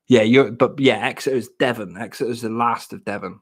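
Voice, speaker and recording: A man's voice: mid-range voice, brisk, husky. A man from Plymouth with a broad Janner accent, rambling and joking in casual livestream chat. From Plymouth, England. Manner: rambling, jokey, self-mocking. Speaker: livestream host.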